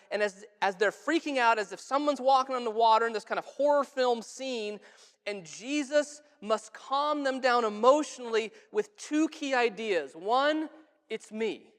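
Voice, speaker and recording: A man preaching a sermon as pastor, talking earnestly and conversationally, dropping to a hushed voice when he quotes. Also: very high voice. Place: church sanctuary. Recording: church sanctuary with long reverb.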